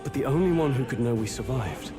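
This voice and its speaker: An actor voicing a young man on the run in a video game, speaking in a tense, hurried way over game music. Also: mid-range voice, expressive, lightly acted. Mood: urgent.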